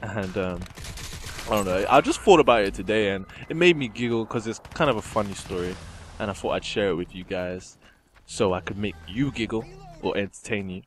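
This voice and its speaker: A man's voice: lowish voice, expressive, brisk, a little hiss or hum. A young man chatting casually and giggling while commenting over gameplay. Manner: chatty, giggly, rambling with fillers. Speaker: gaming commentator.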